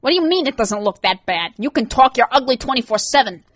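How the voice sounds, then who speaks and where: A woman voicing Rorik, an irritable teenage boy who swears and grumbles, pitched a little above her own reading voice. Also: expressive, fast talker, a bit bright, no room sound, heavily acted. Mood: grumpy. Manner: snappy, swearing, sighing.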